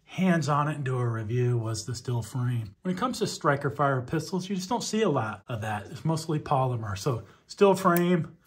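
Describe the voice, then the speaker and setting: A man's voice: mid-range voice, animated, normal speed. A man giving an enthusiastic hands-on review of a pistol, talking conversationally as he points out its features. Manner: enthusiastic, conversational, shows details up close. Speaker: firearms reviewer.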